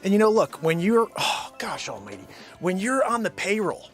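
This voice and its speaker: Rambling, jokey live-stream host, lively pitch. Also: male voice, normal speed, faint music behind. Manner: rambling, jokey, shifts between loud bursts and muttered asides. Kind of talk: unscripted live comedy chat. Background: his own intro song playing.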